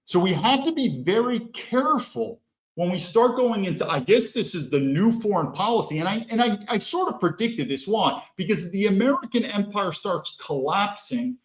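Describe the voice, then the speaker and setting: A heated male host delivers political commentary, firing rhetorical questions and swearing freely. His voice sits high and swings animatedly. The room adds a roomy echo. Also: lively intonation, moderate pace. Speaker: podcast host. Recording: echoey room.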